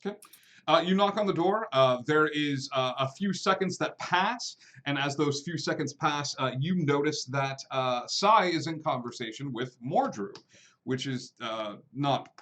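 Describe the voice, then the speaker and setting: A man's voice: fairly high pitch, expressive, measured pace, a bit bright. A man narrating as game master of a tabletop role-playing game, talking casually with many fillers and lightly voicing the characters he plays.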